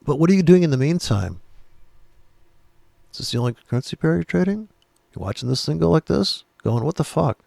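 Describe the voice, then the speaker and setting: Man, gravelly voice, dry close sound, blunt, profane, rambling, casual chart talk. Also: a little high, sing-song, brisk, pauses often, mellow, dry recording. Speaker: trading educator. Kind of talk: casual screen-share chart commentary.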